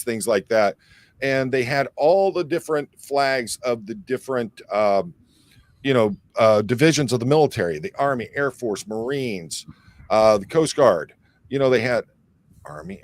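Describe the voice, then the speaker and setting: A man from the Detroit area hosting a casual livestream, reading viewer comments aloud and rambling with plenty of fillers. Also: mid-range voice. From Michigan, near Detroit. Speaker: livestream host reading chat.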